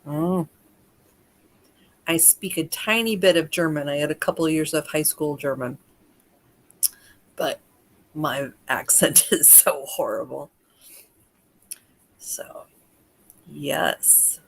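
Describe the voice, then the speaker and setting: A chatty American woman runs a casual livestream, greeting viewers by name and talking them through the session. Her voice sits a little low for a woman. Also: takes it slowly, gravelly, pauses often, slightly rough. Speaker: energy healer hosting a livestream.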